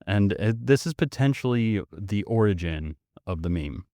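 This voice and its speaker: A man's voice: on the low side, lively intonation, normal speed, mellow, dry recording, studio quality. A man hosting a podcast, reading a story aloud with sardonic, mocking asides. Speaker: podcast host.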